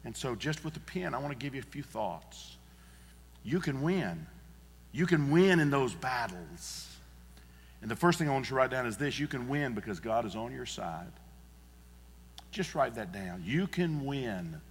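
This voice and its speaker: A man's voice: medium pitch, very animated, normal speed, in a large hall, a little hiss or hum. A male pastor preaching a sermon in a church, earnest and emphatic, repeating his key phrases. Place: church sanctuary.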